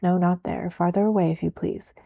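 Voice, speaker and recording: A woman voicing a stern, grumbling male castellan in a soft whispered role-play reading. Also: fairly low pitch, steady tone, a little fast, gravelly, dry recording, narrow, tinny audio. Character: gruff wary male castellan, stern official.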